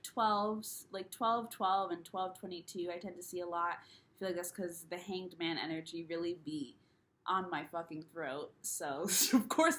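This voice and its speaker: A woman's voice: on the low side, fairly bright tone. A young woman chatting on her own spiritual video channel, rambling loosely with restarts and little laughs, candid and self-mocking. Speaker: spiritual YouTuber. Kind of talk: casual solo vlog chat.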